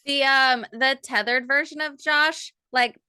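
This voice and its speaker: A woman's voice: high voice, fairly even intonation, measured pace, pushed and bright. A woman co-hosting a casual movie review podcast, blunt and swearing casually as she animatedly retells scenes. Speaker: podcast co-host.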